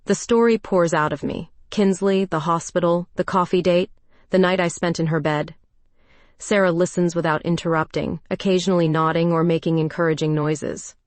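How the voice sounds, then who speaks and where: A woman narrating a first-person story in a reflective, even way. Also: fairly low pitch, moderate pace, dry recording.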